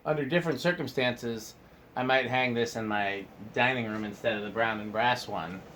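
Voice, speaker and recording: A man hosting a casual technical chat about vintage ceiling fans, relaxed and knowledgeable. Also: medium pitch, moderate pace, a little hiss or hum. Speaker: fan collector host.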